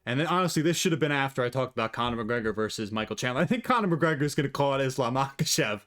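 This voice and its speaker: Man, mid pitch, profane, rambling, opinionated casual talk. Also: animated, rapid-fire, a bit bright. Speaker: MMA commentator vlogger.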